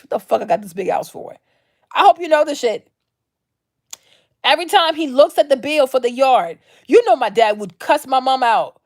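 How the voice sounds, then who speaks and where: Blunt, profane woman ranting on her vlog. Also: a little high. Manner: blunt, profane, repetitive, slangy. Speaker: vlog host. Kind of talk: unscripted commentary rant.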